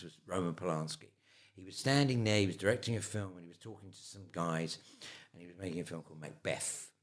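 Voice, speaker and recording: An older man with a London accent and a deep, low voice tells anecdotes in an interview. He talks animatedly, often restarting and repeating words as he goes. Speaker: interview guest. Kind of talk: casual anecdotal storytelling.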